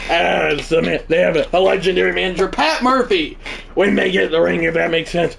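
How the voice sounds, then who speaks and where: A man hosting a live stream, calling a video game baseball match, shouting at big moments and mumbling goodbyes to chat. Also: moderate pace, creaky, a little hiss or hum. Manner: excitable, shouts celebrations then drops to low mumbles. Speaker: livestream host.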